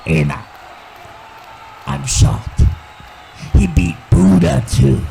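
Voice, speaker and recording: Male actor as vengeful evil clown wrestler: rough fry-heavy voice, slightly high, yelling promo threats over clear background music. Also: exaggerated voice, low-quality recording. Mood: aggrieved. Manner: yells threats, swings between brooding and shouting. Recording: music playing clearly behind.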